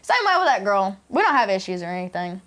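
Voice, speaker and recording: A woman's voice: mid-range voice, very animated, fast, crowd noise. A woman in her twenties with a Tennessee Southern accent, hosting a podcast outdoors on a porch and chatting in a brash, slangy, joking way. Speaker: podcast host. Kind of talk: casual chat.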